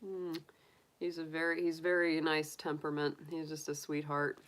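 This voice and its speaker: A woman's voice: deep voice, completely flat delivery, moderate pace. A woman hosting a casual livestream, cooing in baby talk to her pet rabbit and chatting with viewers. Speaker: tarot reader livestream host.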